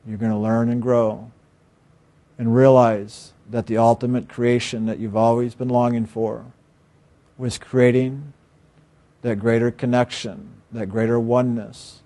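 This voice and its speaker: A man giving a calm, measured inspirational spiritual talk with repeated phrases. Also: medium pitch. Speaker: spiritual teacher.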